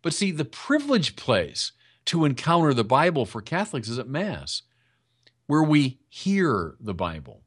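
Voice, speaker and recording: A man's voice: medium pitch, huge pitch swings, unhurried, fairly bright tone, breathy edge. An older man preaching a Sunday sermon in a conversational, emphatic way, often calling to his listeners. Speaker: bishop preaching.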